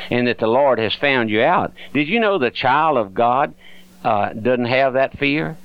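A man's voice: a little high, clean tone, no echo, muffled recording. A man preaching a radio sermon, earnestly pleading with listeners and addressing them directly as his friends.

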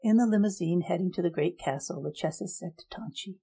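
Woman reading a story aloud, low pitch, dark mellow tone, husky. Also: brisk. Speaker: narrator.

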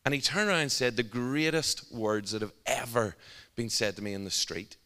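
A man's voice: mid-range voice, moderate pace. Humorous Northern Irish preacher man. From Northern Ireland. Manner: humorous and animated, often laughing at his own story. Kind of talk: sermon storytelling. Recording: long hall reverb.

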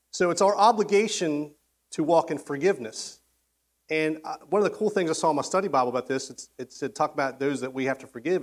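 Male pastor, sermon delivery, casual and conversational, slips into character voices, slightly higher pitch. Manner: conversational, acts out quoted voices, frequent restarts.

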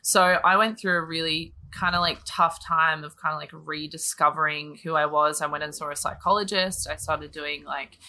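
Aussie woman talking openly, bit low pitched, bright tone, lots of likes and ums. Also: fairly even intonation, moderate pace, hardly any pauses. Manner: candid, swears freely, many fillers. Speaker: guest sharing her story. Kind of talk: casual chat.

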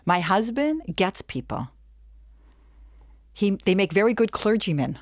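A middle-aged woman teaching a webinar, talking in a lively way and acting out little back-and-forth dialogues. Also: medium pitch, unhurried, no echo, studio quality. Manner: animated, acts out little dialogues with laughs. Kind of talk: lively talk to an audience.

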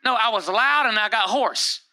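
A man preaching a sermon as pastor, lively and conversational, jumping into raised voices to act out the people he quotes. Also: high-pitched, normal speed.

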